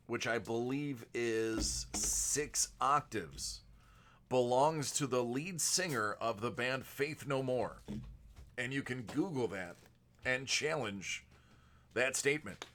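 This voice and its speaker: A man hosting a live card-break stream, chatting casually with viewers and moving between a projected announcer voice and a softer everyday voice. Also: mid-range voice, lively intonation, takes it slowly. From United States. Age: adult with a young son. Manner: chatty, answers viewers by name.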